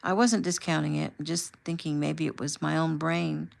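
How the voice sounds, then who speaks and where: An emotional young man with a low voice tells his story haltingly, as a woman reads him aloud. His voice is gravelly, and the reading sounds like a storybook told at home. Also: fairly even intonation. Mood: earnest. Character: young man, emotional, recalling a hard time.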